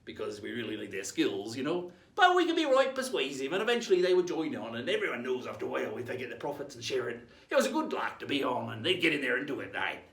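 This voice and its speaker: A man's voice: mid-range voice, very animated, fast, fairly bright tone. A man presenting a playful in-character history lesson as a pirate captain, tagging nearly every line with "right?". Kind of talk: in-character educational talk. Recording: echoey room, mic at a distance.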